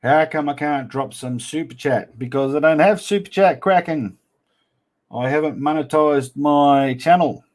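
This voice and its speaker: A man's voice: a little high, measured pace, darkish tone. A man hosting a casual livestream, reading viewer comments aloud and answering them with blunt, teasing banter full of slang. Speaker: livestream host.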